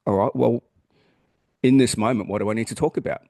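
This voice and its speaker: A man's voice: mid-range voice, brisk, vocal fry, warm tone, no room sound, studio quality. An Australian man co-hosting a podcast, talking in a blunt, earnest way and swearing freely. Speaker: podcast co-host. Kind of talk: casual chat.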